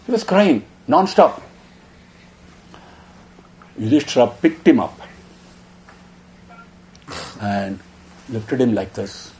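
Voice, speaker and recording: A man telling a sacred story in a devotional discourse, emotive, dropping hushed then rising. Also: medium pitch, sing-song, extremely slow, long pauses, a little hiss or hum. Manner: emotive, swinging between hushed and raised. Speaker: spiritual discourse speaker.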